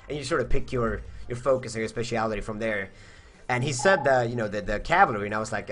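A man's voice: medium pitch, animated, brisk, a bit bright. Rambling young man in a casual stream chat. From Sweden. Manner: rambling, searching for words, swears. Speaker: streamer answering viewer questions.

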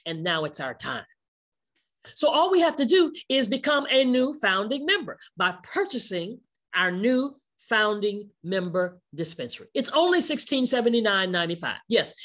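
In a slightly bright voice, a woman delivers an emphatic sales pitch for her company. She asks many rhetorical questions and repeats key words for stress.

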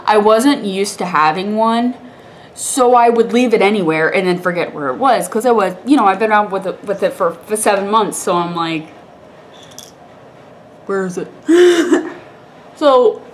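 A woman's voice: medium pitch, expressive, moderate pace, a little hiss or hum. A young woman vlogger with a congested, stuffy voice, telling a rambling story to the camera in a chatty way, laughing often.

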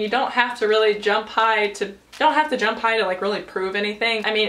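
A woman's voice: medium pitch, fairly bright tone. An eighteen-year-old American woman answering viewer questions in a casual vlog, bubbly and chatty, giggling between answers. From United States. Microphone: camera mic.

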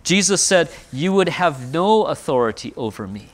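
Higher-pitched guy preaching, walking through scripture, lots of rhetorical questions. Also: very animated, normal speed. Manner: expository preaching, rhetorical questions, dramatic emphasis on quotes. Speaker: pastor. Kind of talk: sermon.

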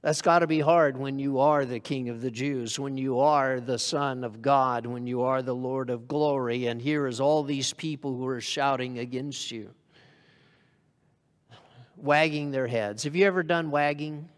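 A man's voice: medium pitch, steady tone, measured pace, in a large hall. A man preaching a sermon to a congregation in a conversational way, often asking them questions. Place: church hall.

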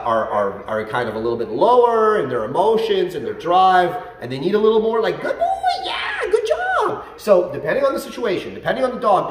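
A man working as a dog trainer explains things to a class in an animated way. He often checks in with "okay?" and "right?". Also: mid-range voice, far from the mic. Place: dog training facility, indoors. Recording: roomy echo, set back from the mic.

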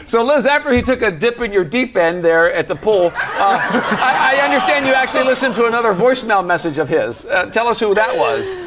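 A man's voice: extremely high pitch, animated, a little fast, hardly any pauses. A man hosting a TV dating talk show, asking guests teasing, playful questions. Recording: loud studio audience and noise. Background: studio audience.

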